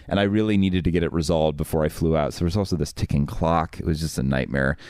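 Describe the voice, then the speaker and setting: A young man hosting a podcast, telling a story in an animated way and acting out the people in it. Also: low voice, clear, resonant tone, dry recording, studio quality. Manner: animated storyteller, voices others in his anecdotes. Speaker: podcast host. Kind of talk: casual storytelling chat.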